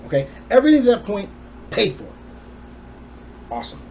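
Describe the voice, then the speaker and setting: A man's voice: high voice, wildly swooping pitch, brisk, a little mellow, slight background noise. A man telling his personal story to the camera in an emphatic, indignant way.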